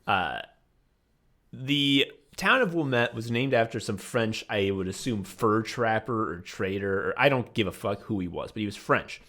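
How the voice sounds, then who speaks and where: A man's voice: lowish voice, lively intonation, moderate pace, pushed and bright. A young man from the Chicago suburbs telling a profane, sardonic story as a podcast co-host. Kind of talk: casual chat, storytelling.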